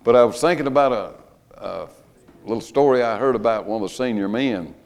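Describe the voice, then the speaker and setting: An older man preaching a revival sermon in a church, folksy and joking, rising to loud emphatic stretches. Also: mid-range voice, brisk. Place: church sanctuary.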